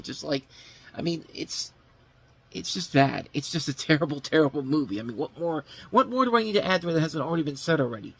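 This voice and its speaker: A man's voice: a little high, expressive, brisk, creaky, fairly bright tone, slightly rough. A man hosting a film review show, talking casually in a blunt, sarcastic way, swearing freely and rambling with frequent self-corrections. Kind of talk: casual unscripted movie review.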